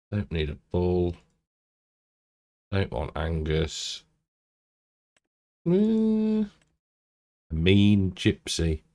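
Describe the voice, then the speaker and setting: Deep male voice, unhurried, lively intonation, chatty gameplay commentary. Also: vocal fry. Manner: chatty and rambling, chuckling to himself. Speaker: gaming YouTuber.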